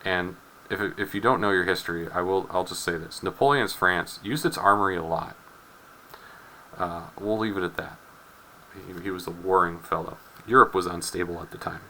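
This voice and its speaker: A man's voice: low voice, fairly even intonation, normal speed, sharp tone, slight background noise, low-quality recording. A man teaching a chemistry lecture in a loose, joking way, rambling into asides and often repeating his words. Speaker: chemistry instructor. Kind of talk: casual recorded lecture.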